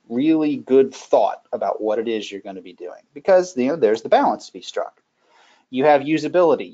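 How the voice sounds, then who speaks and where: A man in the middle of his pitch range talks through a security presentation in a folksy, animated way, dropping in stories and asides. The sound is muffled and lo-fi, like a web session. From Northern Virginia. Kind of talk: conversational webinar presentation.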